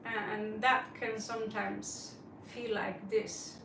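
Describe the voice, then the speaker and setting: A woman's voice: mid-range voice, level tone, takes it slowly, creaky, recorded from a distance, noisy background. A woman hosting a live tarot stream, chatting casually and greeting viewers by name as she rambles. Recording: roomy, set back from the mic.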